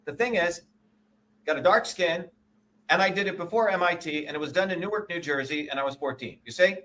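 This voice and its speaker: Forceful, high-voiced indignant man. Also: a little fast, slight background noise. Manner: profane, emphatic, indignant, keeps checking with "okay?" and "you see?". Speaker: interview guest, presidential candidate. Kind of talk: combative interview talk.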